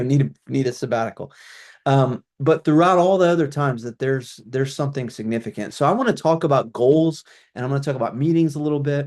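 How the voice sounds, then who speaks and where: A man's voice: medium pitch, a little mellow. A middle-aged man who used to be a pastor, giving a conversational presentation on a call with many restarts and fillers. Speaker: ministry consultant, former pastor.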